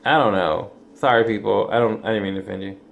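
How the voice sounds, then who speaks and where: Gravelly-voiced young man rambling casually. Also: lowish voice, steady tone, quick pace, slight background noise. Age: 20s. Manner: rambling, many fillers and restarts, swears casually, laughs often. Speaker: vlogger. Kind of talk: casual rambling vlog talk.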